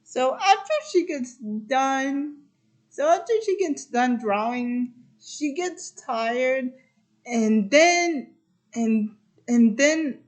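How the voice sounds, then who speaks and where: Rambling high-voiced woman retelling a movie. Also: animated, extremely slow. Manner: rambling, repeats "and then" often. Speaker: host.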